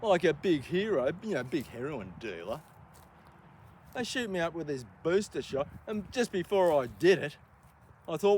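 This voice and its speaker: A man's voice: fairly high pitch, very animated, unhurried, a little mellow, husky. A man telling a rambling, profane story, heated and stumbling over his words.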